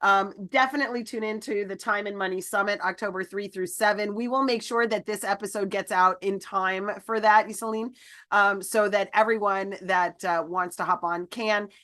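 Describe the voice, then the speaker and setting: A woman's voice: medium pitch, fairly even intonation, moderate pace, fairly bright tone. A woman co-hosting a podcast, upbeat and chatty, talking to guests and listeners. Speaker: podcast co-host. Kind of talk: casual podcast chat.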